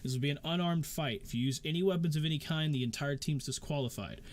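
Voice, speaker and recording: A man's voice: on the high side, fast talker, close to an everyday voice. A man putting on a brash street thug. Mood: businesslike. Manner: casual, pushy street talk. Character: brash male thug running street brawls.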